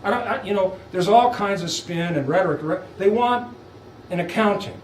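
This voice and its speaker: Animated man lecturing in an echoey room. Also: high-pitched, normal speed, slight background noise. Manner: emphatic, rhetorical questions, animated. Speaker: visiting law lecturer. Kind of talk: lunchtime law lecture. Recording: echoey room, far from mic.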